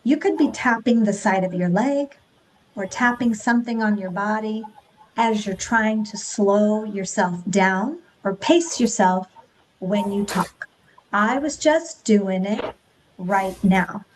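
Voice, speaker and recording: A woman's voice: medium pitch, slow pace, rough recording. A woman leading an online group speech class, encouraging her students as she coaches them through rhythm drills.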